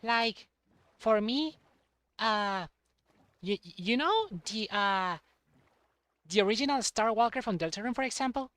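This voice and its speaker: A young man streaming a game, chatting casually in a halting way and repeating words. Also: sits high, expressive, sharp tone, smooth, dry recording. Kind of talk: casual chat while playing a game.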